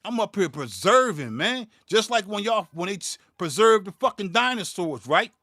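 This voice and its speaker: Heated, profane hip hop beatmaker. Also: male voice, sits high, big pitch swings, moderate pace, sharp tone, no echo, clean studio sound. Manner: profane, heated, repeats words when worked up. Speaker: beatmaker and channel host. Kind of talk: livestream rant.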